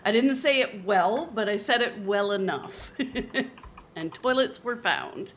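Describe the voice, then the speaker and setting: Canadian woman game streamer, unhurried and chatty, medium pitch, laughs a lot. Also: lively intonation, a little hiss or hum. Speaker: live streamer. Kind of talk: casual chat while streaming a game.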